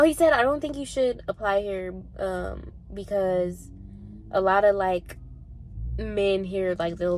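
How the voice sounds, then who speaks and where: A young woman in her twenties chatting casually at the gym, animated and full of "like", acting out the people in her story. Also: medium pitch, slight background noise. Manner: animated, acts out voices in quotes, frequent "like" and swearing. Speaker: vlogger.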